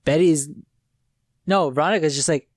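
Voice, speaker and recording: A man's voice: a little high, normal speed, no echo, studio quality. A man co-hosting a podcast in a casual review chat, rambling in a laid-back way with many restarts. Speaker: podcast co-host.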